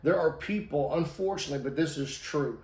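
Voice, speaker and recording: A man's voice: on the high side, fairly quick, darkish tone. A man giving an earnest sermon, telling a story, acting out the quoted lines and repeating phrases for emphasis. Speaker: preacher. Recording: roomy echo.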